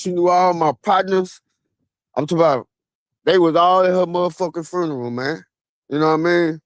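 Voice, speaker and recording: Young guy, loose street-slang storytelling, voice sitting a bit high, dry close sound. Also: no room sound. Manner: relaxed, slangy street talk with many fillers. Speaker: vlogger. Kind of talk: casual storytelling monologue. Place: outdoors at a graveside.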